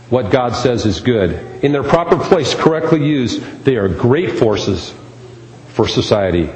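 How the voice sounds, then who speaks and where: Delivering a sermon as pastor, this man hammers home key phrases with emphatic repetition. His voice sits in the middle range with a somewhat dark tone. Captured in an echoey hall, the audio carries faint ambience and a little background noise.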